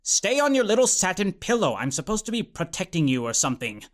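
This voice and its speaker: A man's voice: high-pitched, big pitch swings, a little fast. A man voicing a dim, self-absorbed male wizard professor who talks in an offhand, mumbly, clueless way. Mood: irritated.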